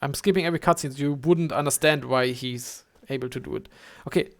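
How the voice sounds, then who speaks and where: A man's voice: medium pitch, vocal fry. Rambling young man streaming a game. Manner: rambling, halting, many fillers and restarts, swears. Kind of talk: casual gameplay commentary.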